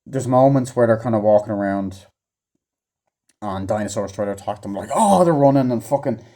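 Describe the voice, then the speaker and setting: A man with a lowish, mellow voice and a fairly quick delivery rants informally about a film as a movie reviewer. Rambling and cursing often, with many fillers, he shouts out lines from the film to act them out.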